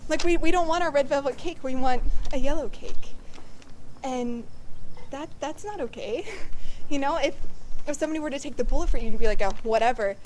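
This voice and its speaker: Teen girl talking to confirmation kids, chatty and earnest, says like a lot, kinda high voice, hissy clicky recording. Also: brisk, darkish tone, rough recording. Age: late teens. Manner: chatty, earnest, frequent 'like'. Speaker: youth speaker at a confirmation event. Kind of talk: casual inspirational talk.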